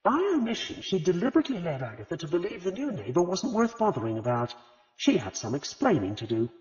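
A male audiobook narrator reading a mystery with expressive storytelling, his slightly high voice moving widely in pitch. The sound is dull and lo-fi, with a long reverb tail. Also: fast. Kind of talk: scripted narration.

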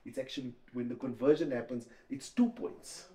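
A man excitedly cheering and explaining the rules while watching a match, in an exuberant, teasing manner. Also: medium pitch, moderate pace.

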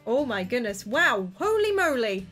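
A woman's voice: a little high, big pitch swings, normal speed, a bit bright, soft background music. A woman host giving reaction commentary, exclaiming in amazement.

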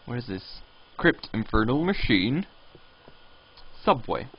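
A male game streamer talks slowly in a mid-range voice with big swings in pitch, rambling through live commentary and reading signs and chat aloud. The lo-fi stream audio is dull and has a bit of background noise.

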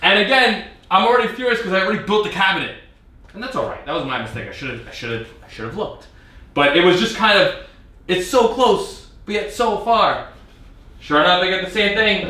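Reviewing an arcade cabinet on his vlog, this host speaks at normal speed in a voice that sits high. His retelling is casual, lively, and exasperated, acting out the back-and-forth messages he traded. Sound comes from a distant mic in a room with echo.

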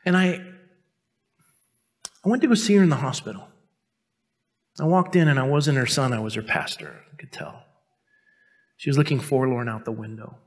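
In a church sanctuary, a male pastor in his fifties delivers a sermon in a conversational, self-mocking way, recounting a personal story and acting out the voices of the people in it. His mid-range voice is animated, moving at a moderate pace with frequent pauses.

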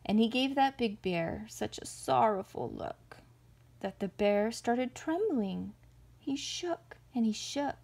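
Breathy woman reading a rhyming children's story. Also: fairly high pitch, takes it slowly. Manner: expressive, rhythmic rhyming delivery. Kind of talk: children's story read-aloud.

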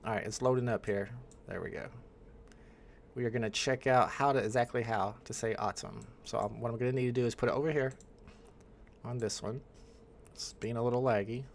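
A man's voice: medium pitch, fairly even intonation, brisk, long pauses, a little hiss or hum. A man hosting a casual livestream from home, rambling and thinking aloud as he greets people in the chat. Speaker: livestream host.

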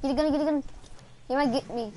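Excitable high-voiced gamer woman from Texas. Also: a little hiss or hum. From Dallas, Texas. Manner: excitable, trash-talking, quick callouts. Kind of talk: casual gaming chat.

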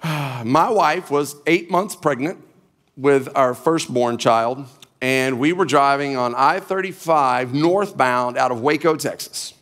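A man's voice: medium pitch, slow pace, fairly bright tone. A middle-aged man preaching a sermon from a church stage, with folksy, humorous storytelling. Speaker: pastor.

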